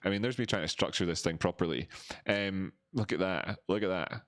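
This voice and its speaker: A man's voice: low voice, fairly quick. A man from Scotland, hosting a crypto livestream in a rambling, self-mocking chat while reading viewers' messages aloud.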